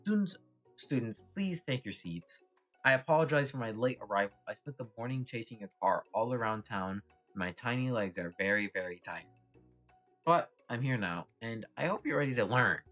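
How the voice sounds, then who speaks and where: A man's voice: mid-range voice, expressive, normal speed, a bit bright, natural voice. A small, flustered dog professor, voiced by a man lectures his students with weary apology. The sound is a touch muffled, with faint music underneath. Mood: lecturing.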